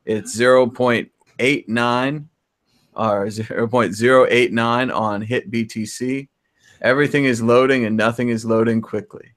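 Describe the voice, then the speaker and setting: A man co-hosting a livestream panel over a video call, talking casually with dry, relaxed humor. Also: mid-range voice, a little slow. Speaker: co-host.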